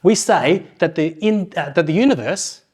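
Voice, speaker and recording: A middle-aged man giving a conference talk, asking the audience questions and slowing down to read proverbs aloud. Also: high-pitched, lively intonation, darkish tone, slightly rough. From New Zealand. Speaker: conference speaker.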